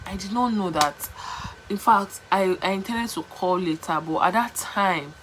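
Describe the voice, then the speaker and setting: A young Nigerian woman vlogs a story to camera, chatty and animated, repeating herself and slipping into pidgin. She speaks at a medium pitch and normal speed over a noisy background.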